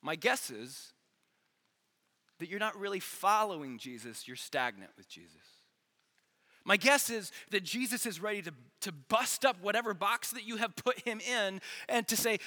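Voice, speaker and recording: Bright, earnest man preaching to teens. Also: high voice, big pitch swings, moderate pace. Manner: earnest, direct, repeats phrases for emphasis. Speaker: youth pastor. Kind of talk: energetic youth sermon. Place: large church worship hall. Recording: long hall reverb.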